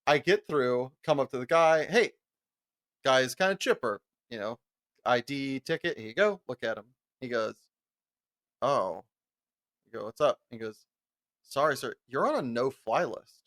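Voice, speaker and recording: A young man co-hosting a podcast, telling a long, profane, animated story and often breaking into laughter. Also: mid-range voice, moderate pace. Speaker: podcast co-host. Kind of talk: casual storytelling chat.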